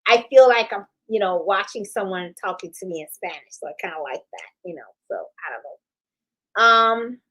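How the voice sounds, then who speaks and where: A woman's voice: medium pitch, animated, moderate pace, fairly bright tone, low-quality recording. A middle-aged woman hosting a crafts channel, chatting casually on a live stream and rambling with lots of "you know" and "okay?". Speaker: host of a sewing and embroidery channel.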